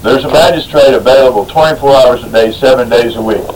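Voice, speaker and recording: A man's voice: mid-range voice, quick pace, noisy background. A man as a radio talk guest, telling a long story in a folksy, rambling way, with stumbling restarts. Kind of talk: radio talk, anecdote and legal commentary.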